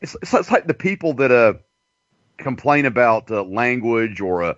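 A man's voice: mid-range voice, normal speed, a bit bright, dry recording. A man telling a long story in casual chat, rambling and profane. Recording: dull dry lo-fi recording.

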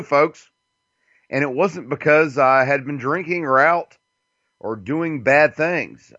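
A man's voice: mid-range voice, sharp tone, dry recording, dull audio. A man hosting a casual internet radio show, rambling and profane, with frequent fillers and chuckles.

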